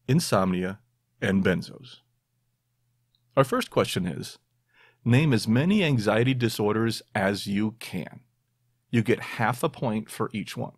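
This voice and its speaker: A man's voice: on the low side, dry recording. Man, podcast host, playful, quizzing listeners, dry recording. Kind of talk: quiz-style podcast monologue.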